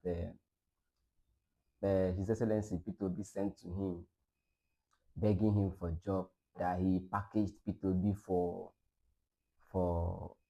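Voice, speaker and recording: A man hosts a reaction video, reading out a long statement between his own comments. His voice sits low and mellow, with a dark, relaxed tone. He speaks haltingly, pausing often on fillers. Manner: halting, with many hesitations. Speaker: video host.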